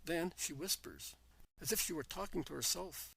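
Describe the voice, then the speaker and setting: A man narrating a devotional text in an even, reverent reading voice. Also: fairly high pitch, moderate pace, vocal fry, slightly rough, no echo, low-quality recording.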